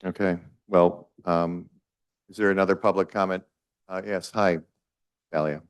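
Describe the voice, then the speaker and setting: A man with a low voice chairs a town council meeting. He is brisk and matter-of-fact, with a wry edge, and the sound is dry and close. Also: fairly even intonation, clean tone, no echo.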